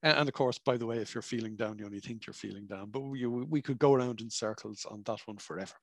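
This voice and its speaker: A man's voice: mid-range voice, quick pace, creaky, fairly bright tone, no echo. A middle-aged man, a practicing psychologist, talking about emotions in a conversational, explanatory way with vivid examples and asides. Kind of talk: reflective spoken talk on emotions.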